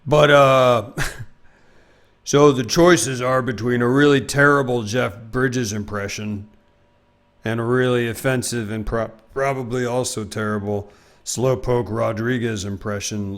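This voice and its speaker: Casting note: young male streamer, mid-pitched voice, loose chatty delivery reading chat. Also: fairly even intonation, measured pace. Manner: chatty, reads out chat and donations. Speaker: game streamer. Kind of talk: casual live-stream chat.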